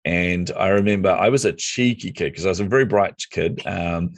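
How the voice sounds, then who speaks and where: A middle-aged man, a podcast guest telling his story with lively acted-out dialogue. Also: sits low, normal speed, creaky, no echo. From New Zealand. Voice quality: lively storyteller who acts out quoted dialogue. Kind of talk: casual storytelling interview.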